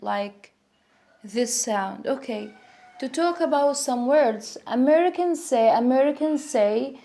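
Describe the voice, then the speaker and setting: Slow, mellow-voiced woman teaching pronunciation. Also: fairly high pitch. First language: Arabic. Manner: slow, repetitive, demonstrating sounds. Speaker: English teacher. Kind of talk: English pronunciation lesson.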